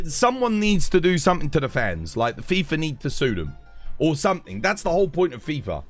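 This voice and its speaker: A man with a London accent, talking with viewers on a live game stream. His voice swings up and down in pitch as he rambles emphatically through his points, with faint music playing softly underneath. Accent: London English. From England. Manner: emphatic and rambling, with frequent restarts.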